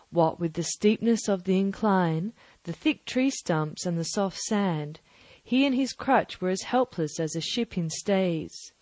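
A woman's voice: fairly low pitch, no room sound. Woman narrating an audiobook, dry sound. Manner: measured, even storytelling. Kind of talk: scripted narration.

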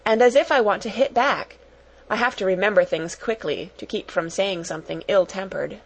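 Woman doing a steady, kind young girl. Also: medium pitch, moderate pace, gravelly, low-quality recording. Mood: confiding. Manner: steady, coaxing.

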